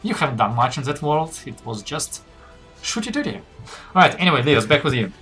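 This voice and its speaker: Casual game master with music underneath. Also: male voice, mid-range voice, expressive, quick pace, a bit bright. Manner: casual, thinks aloud with fillers. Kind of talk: narrating a tabletop game.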